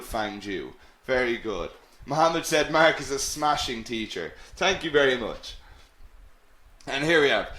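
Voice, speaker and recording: A man leads an English lesson in a slow, deliberate way, with a slightly raised pitch. He stays upbeat and encouraging and repeats key words. The room gives his voice a noticeable echo. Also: fairly bright tone. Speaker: English teacher. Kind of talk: live online English lesson. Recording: roomy echo.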